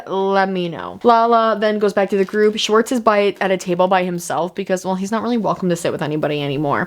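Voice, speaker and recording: Chatty woman recapping a reality show. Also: mid-range voice. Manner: chatty, loose, heavy use of "like". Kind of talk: casual recap chat.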